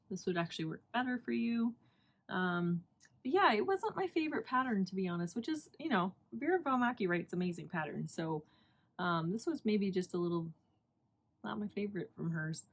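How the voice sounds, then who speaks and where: A woman's voice: mid-range voice, animated, moderate pace. A woman hosting a knitting podcast in casual chat, rambling and chatty and laughing often.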